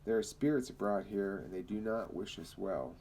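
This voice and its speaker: A man reading aloud as an earnest young woman weaver speaking quickly. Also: on the low side, warm tone, a little hiss or hum, close to an everyday voice, low-quality recording. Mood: urgent. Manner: quick, urgent.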